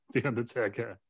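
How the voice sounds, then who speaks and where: A man's voice: mid-range voice, breathy edge, no room sound. A man telling a rambling comic wrestling story, laughing through his own jokes. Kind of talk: comedic storytelling.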